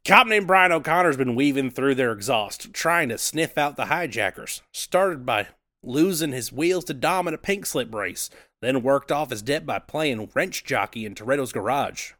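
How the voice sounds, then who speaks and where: A man's voice: medium pitch, expressive, moderate pace, sharp tone, dry recording, studio quality. Easygoing, laughing podcast co-host man. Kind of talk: casual comedy chat.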